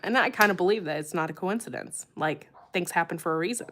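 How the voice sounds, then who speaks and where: A woman with a fairly low voice chats on a livestream from home. She rambles happily and keeps repeating words when she gets excited. Her talk is loose and unscripted. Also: quick pace, few pauses. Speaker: farm channel host. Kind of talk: casual livestream chat.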